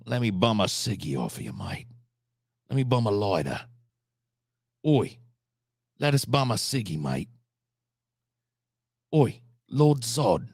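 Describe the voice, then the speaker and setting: A man putting on a put-on Australian accent to play a brash, slangy bloke cadging cigarettes, in a loud and cheeky comic impression. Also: mid-range voice, creaky, slightly rough, dry recording, studio quality, voice pushed up, heavily acted. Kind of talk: comic impression on a live stream.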